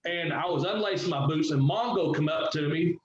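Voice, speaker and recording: A middle-aged former wrestler telling a story in a casual interview, animated and swearing freely as he acts out what others said. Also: on the high side, brisk, over a noisy crowd. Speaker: guest, former pro wrestler. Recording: echoey, dull, slightly noisy audio.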